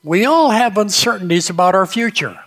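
A man preaching a sermon in a church, telling gentle humorous stories in an unhurried way. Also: high-pitched, expressive, in a large hall. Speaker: pastor. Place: church sanctuary.

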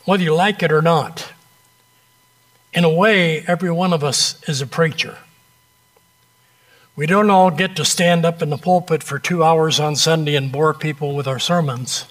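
Preacher guy with a fairly high voice telling a story in a sermon, lots of pauses for effect. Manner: storytelling, varied dramatic pauses.

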